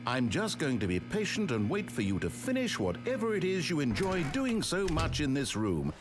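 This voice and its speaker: A man's voice: a little high, huge pitch swings, moderate pace, over music. A man voicing a dry, fussy male game narrator who tells the story and grows exasperated with the player. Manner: wry, fussy, theatrical storytelling.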